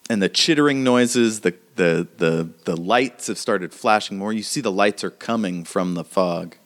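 A man runs a tabletop game as game master. He narrates casually and fills his talk with fillers. His voice sits somewhat low. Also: moderate pace, few pauses.

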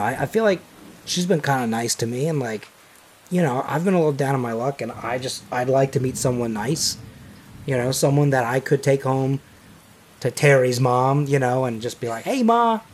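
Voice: mid-range voice, expressive, moderate pace, a little hiss or hum, close to an everyday voice. A game master voicing an awkward, good-hearted young male rideshare driver with a put-on New York accent, rambling and hesitant. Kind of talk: tabletop role-play voice.

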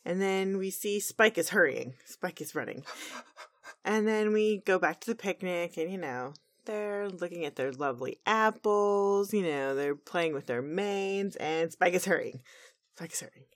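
A woman's voice: mid-range voice, lively intonation, a little slow. A woman co-hosting a podcast, recapping a cartoon episode in a chatty, laid-back way. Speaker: podcast co-host.

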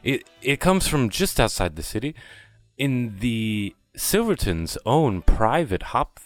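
A man's voice: medium pitch, very animated, takes it slowly, soft background music. A man voicing a tall male elf information dealer with a put-on Irish accent and sly salesman patter. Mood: salesy.

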